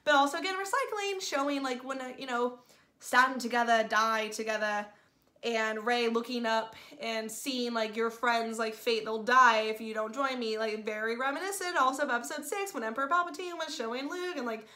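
Woman host, fairly high voice, casual spoiler review, excitable and gushing, filler-heavy. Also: moderate pace. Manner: gushing, excitable, says "like" constantly. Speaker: movie reviewer.

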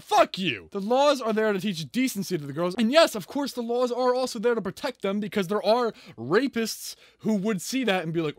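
Profane, ranting man with a high, lively voice. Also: normal speed, no room sound, studio quality. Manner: profane, sarcastic, combative. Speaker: reaction video commentator. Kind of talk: ranting commentary.

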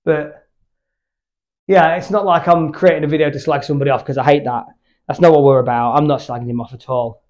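A man's voice: on the high side, steady tone, a little fast, a little mellow, lo-fi sound. A British man chatting candidly between workout sets in his home gym, rambling and swearing freely. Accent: British English. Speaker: fitness YouTuber.

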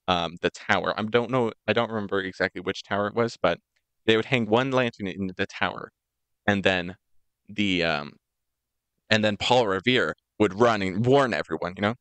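Young american guy on a podcast, lowish smooth voice, dry close sound, jokey rambling. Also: a bit bright, no echo. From United States. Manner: rambling, joking, puts on voices for quotes. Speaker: podcast co-host. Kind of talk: casual chat, storytelling.

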